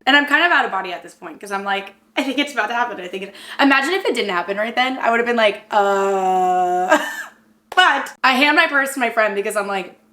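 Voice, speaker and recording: Bubbly young woman vlogging in an echoey room. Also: a little high. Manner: rambling, filler-heavy, excitable. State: emotional, near tears. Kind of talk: casual storytelling to camera.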